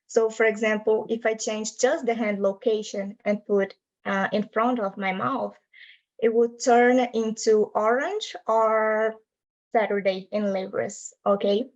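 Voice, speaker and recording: A woman's voice: a little high, fairly even intonation, unhurried, lo-fi sound. A young adult woman presenting her linguistics research in an academic talk over a video call, explaining patiently in non-native English phrasing.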